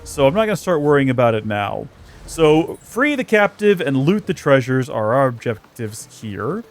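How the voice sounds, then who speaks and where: A man's voice: mid-range voice, big pitch swings, normal speed. A man hosting a let's play, giving chatty, joking gameplay commentary with self-mocking asides.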